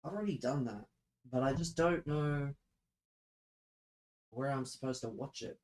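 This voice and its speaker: A man's voice: mid-range voice, unhurried, darkish tone, poor audio. A young man streaming live, venting to his chat in a profane, sarcastic, exasperated way.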